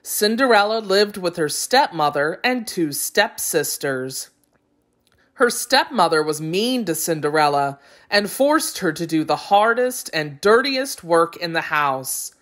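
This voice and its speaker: A woman narrating a children's fairy tale aloud in a clear, expressive read-aloud style. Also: lowish voice, a little slow. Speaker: story reader. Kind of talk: storybook narration for young children.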